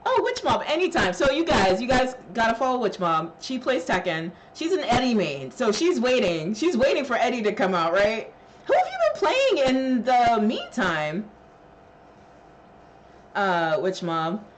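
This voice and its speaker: A woman's voice: on the high side, very animated, unhurried, a little hiss or hum. A woman streamer chatting casually with her live chat, emotional and laughing, thanking viewers with lots of fillers.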